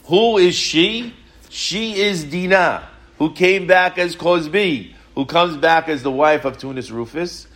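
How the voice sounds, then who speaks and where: A man with a slightly high voice teaches a Torah class at a slow pace, telling stories in an animated way and posing many rhetorical questions.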